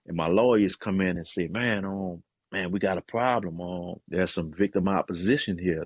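A middle-aged man with a low, husky voice tells his story earnestly and with feeling. He speaks through hesitations and the odd "man," which makes it sound heartfelt. The recording is dry and close, with no room sound. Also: moderate pace, few pauses, dry recording. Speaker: guest and author. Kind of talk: personal testimony in conversation.

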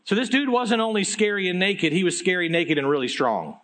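High-voiced man preaching a lively sermon. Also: fairly quick. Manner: animated storytelling, casual slang. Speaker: pastor.

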